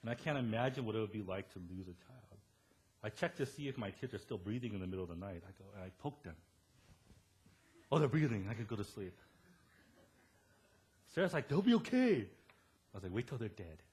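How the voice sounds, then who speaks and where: Husky-voiced pastor telling stories. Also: male voice, lowish voice, fast talker. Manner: animated storytelling, quoting others. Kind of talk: sermon.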